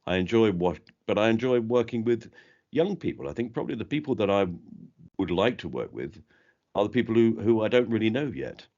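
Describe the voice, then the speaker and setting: An older man speaks in a deep, low register with a polished, trained posh English accent. He muses and circles back on his thoughts as a guest in a relaxed interview, and the recording sounds dull and lo-fi. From London, England. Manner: reflective, rambling with many restarts. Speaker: interview guest, comedy actor. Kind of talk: casual chat.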